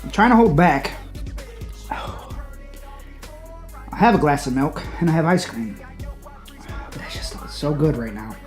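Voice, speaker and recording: A man casually reviewing a hot sauce on his channel, blunt and profane, with loud exclamations. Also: on the high side, big pitch swings, takes it slowly, pauses often, soft background music.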